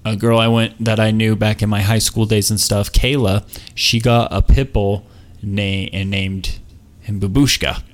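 A man's voice: lowish voice, fairly even intonation, unhurried. A young man co-hosting a podcast, joking and swearing freely in casual chat. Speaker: podcast co-host.

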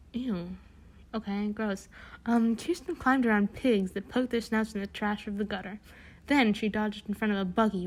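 A young woman casually reading a children's book aloud, throwing in sarcastic asides and slang abbreviations. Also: mid-range voice. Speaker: reader.

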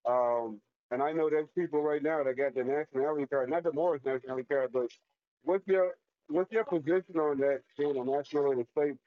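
A man calling in to ask a question, speaking hesitantly with many pauses. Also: fairly high pitch, no room sound. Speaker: caller. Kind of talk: call-in question. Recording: tinny dry phone line.

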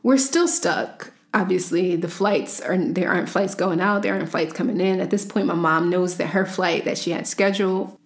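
A woman's voice: lowish voice, normal speed, few pauses. A woman from the United States telling a personal story in a casual, chatty way, full of "like" and acted-out dialogue. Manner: chatty, peppered with "like", acts out dialogue.

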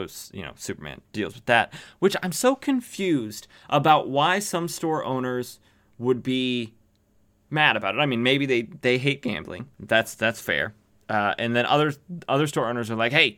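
A man's voice: medium pitch, bright, forceful tone. A male podcast host casually recaps an old comic, rambling and tossing in wry jokes. He hesitates often with fillers and restarts, in an everyday mid-range voice. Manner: rambling, joking asides, frequent fillers.

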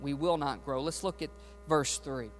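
A pastor with a fairly high voice preaches a sermon at normal speed in a church sanctuary. His delivery is emphatic, with call-and-response questions tossed to the congregation, while faint music and mains hum sit in the background.

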